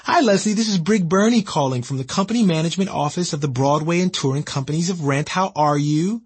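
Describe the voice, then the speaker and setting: A man voicing a cheery, friendly man who phones with good news, in a bright, upbeat manner. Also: on the high side, fast talker, slightly rough, pitched above the performer's own voice.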